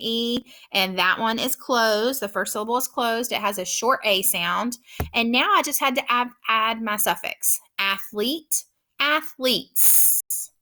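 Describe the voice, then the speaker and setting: A woman teaching a phonics lesson, patiently sounding out words slowly and clearly. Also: on the high side, sharp tone. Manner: patient, encouraging.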